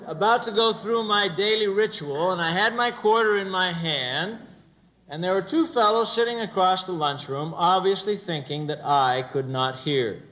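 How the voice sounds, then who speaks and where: A middle-aged American man giving a motivational church talk, telling a humorous story with lively delivery. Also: sits high, normal speed, highs cut off. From United States. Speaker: church speaker. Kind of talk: motivational sermon.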